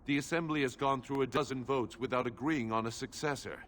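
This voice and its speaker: An actor playing a proud, curt dwarf gate guard who speaks gravely in a video game. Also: male voice, medium pitch, a little fast, a bit bright, a little hiss or hum, close to an everyday voice. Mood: stern.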